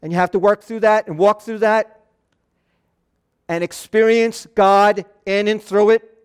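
High-voiced, nasal man preaching. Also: fairly even intonation, a little slow, smooth. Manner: earnest, loose asides and restarts. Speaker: pastor. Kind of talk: conversational sermon.

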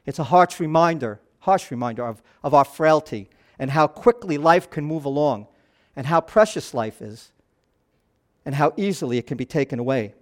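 A middle-aged man preaching a sermon as a pastor, moving between soft, hushed passages and raised, animated ones. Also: on the high side, normal speed.

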